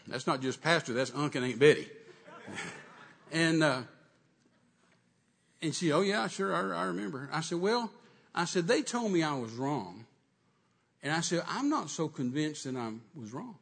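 A man's voice: fairly high pitch, a bit bright, breathy edge. A man preaching a sermon, retelling a conversation and acting out the dialogue. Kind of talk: sermon storytelling.

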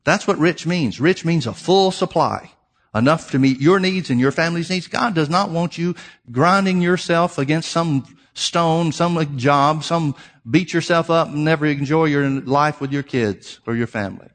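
A man's voice: a little high, moderate pace. Guy preaching, reads verses then hammers the point home, talks to the crowd as folks. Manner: emphatic, repeats phrases, addresses listeners as folks. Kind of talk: sermon.

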